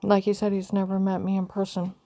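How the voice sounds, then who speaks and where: A woman's voice: medium pitch, monotone, a little fast, warm tone, no echo. A woman recounting her own experience in an agitated, rambling way, jumping between quoted speech and narration. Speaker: vlogger telling her own story. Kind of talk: rambling personal account.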